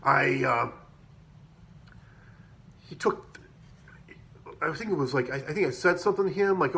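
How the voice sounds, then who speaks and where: Man, casual storyteller, slightly high voice, rambling and swears a lot. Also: lively intonation, normal speed, pauses often, fairly bright tone. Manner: rambling, profane, with many fillers and restarts. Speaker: podcaster telling work stories.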